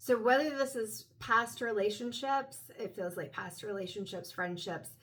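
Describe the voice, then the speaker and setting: A woman at home giving a private tarot reading, talking in a gentle, meandering, explanatory way. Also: mid-range voice, normal speed, low-quality recording. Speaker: tarot reader.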